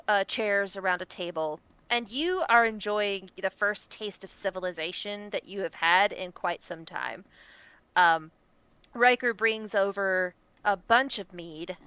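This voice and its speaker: A woman narrates a tabletop game as game master, leading with scene description. Her voice is mid-pitched and sits dry and close to the mic. She pauses on fillers as she goes. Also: pushed and bright, clear, resonant tone, dry recording.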